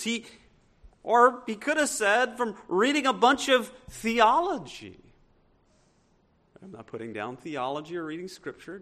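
A man's voice: sits high, fairly bright tone. A male pastor preaching a sermon, reading scripture aloud and asking the congregation rhetorical questions with emphatic delivery.

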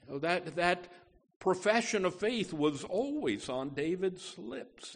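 Slow, emphatic male preacher. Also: high voice, big pitch swings. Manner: emphatic, slow and deliberate, with frequent restarts and "you know". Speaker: pastor. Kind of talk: sermon. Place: church.

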